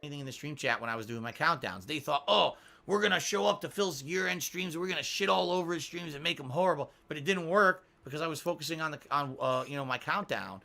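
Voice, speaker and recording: A man streaming live, reading chat aloud and mocking trolls in an animated, laughing way. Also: on the high side, quick pace, gravelly, hardly any pauses.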